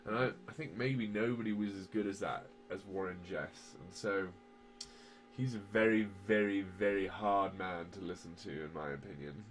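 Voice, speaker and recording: A man's voice: deep voice, fairly even intonation, normal speed, slight background noise. A man chatting casually on a podcast, rambling with lots of fillers and swearing, and at times building into heated rants. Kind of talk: casual conversational podcast chat.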